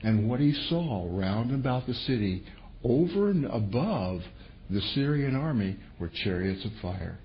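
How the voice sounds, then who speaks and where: A male preacher in mid-sermon, his voice leaping up and down as he retells a scripture story and puts on the characters' lines. The recording is dull and lo-fi, with a faint hiss behind him. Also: measured pace. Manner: animated storytelling, voices quotes with sudden pitch jumps.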